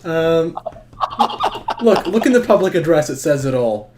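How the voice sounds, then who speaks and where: A man's voice: fairly high pitch, sing-song, measured pace, heavy background noise. A man streaming while he edits, talking dryly and sarcastically and often dropping to mumbled asides. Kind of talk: casual chat while editing.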